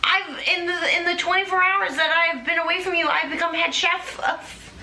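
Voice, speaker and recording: A woman voicing an excitable young male rat chef who brags giddily about his success. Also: extremely high pitch, moderate pace, echoey room, slight background noise, voice pushed up, heavily acted, poor audio. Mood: giddy.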